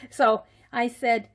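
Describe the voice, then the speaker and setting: Chatty woman showing her art journal. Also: on the high side. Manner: chatty, laughs often, acts out little dialogues. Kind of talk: casual show-and-tell narration.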